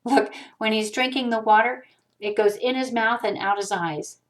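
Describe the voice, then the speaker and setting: A woman reading a picture book aloud to a child, animated, with sung-out hiccup sounds, on a webcam mic. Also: on the high side, moderate pace. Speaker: storyteller.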